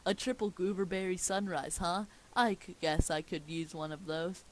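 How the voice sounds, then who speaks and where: A woman's voice: fairly low pitch, fairly even intonation, moderate pace, slight background noise, natural voice, poor audio. Woman reading as an eager childlike cartoon sponge. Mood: mixed. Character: upbeat childlike cartoon sea sponge, male.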